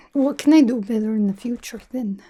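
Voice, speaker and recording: Whispered role-play of a brash female spy, as a woman puts her on, teasing and chatty that drops its articles. Her voice sits a little high yet mellow, and she rambles in soft, half-whispered asides. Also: normal speed, breathy edge. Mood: playful teasing. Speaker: ASMR creator.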